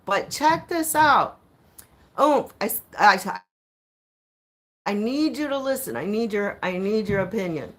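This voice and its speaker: A woman telling viewers an animated, indignant story about her court case, acting out the exchanges and swearing now and then. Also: mid-range voice, unhurried.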